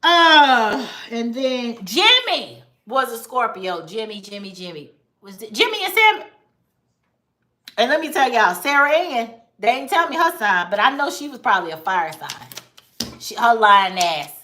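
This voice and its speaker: A woman's voice: a little high, big pitch swings, unhurried, bright, forceful tone, a little hiss or hum. Sassy, blunt woman gossiping. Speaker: vlogger. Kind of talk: casual commentary.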